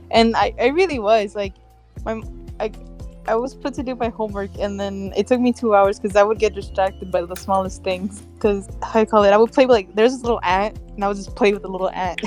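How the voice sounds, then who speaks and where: A young woman with an ordinary mid-range voice talks loosely, pausing for fillers as she looks for words. Faint music plays in the background. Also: medium pitch, a little mellow. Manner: chatty, hesitant, many fillers. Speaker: podcast co-host. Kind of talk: casual chat.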